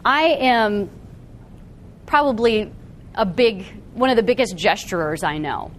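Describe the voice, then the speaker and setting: A woman giving a live seminar talk to an audience in a meeting room, animated and often checking in with the room. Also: medium pitch, a little slow, a little hiss or hum. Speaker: workshop presenter.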